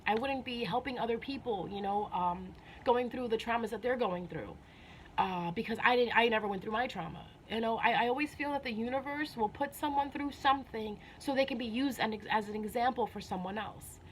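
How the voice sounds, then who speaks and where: Woman vlogger, fairly high voice, earnest and heartfelt, slightly emotional, faint background hiss. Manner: earnest, repeats herself, many "you know"s. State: a little emotional. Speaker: spiritual vlogger. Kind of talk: casual heartfelt talk to camera.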